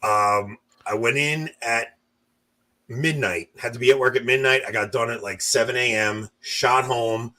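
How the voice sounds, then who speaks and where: Bright-voiced podcast host guy. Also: medium pitch, unhurried. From New York. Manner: rambling storyteller, laughs often. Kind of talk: casual podcast chat.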